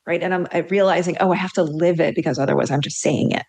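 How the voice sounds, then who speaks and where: A woman's voice: fairly low pitch, quick pace, creaky, hardly any pauses, slightly rough. Middle-aged woman coach telling a story. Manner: animated storytelling with acted-out quotes. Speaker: career and executive coach. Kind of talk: podcast interview, telling a story.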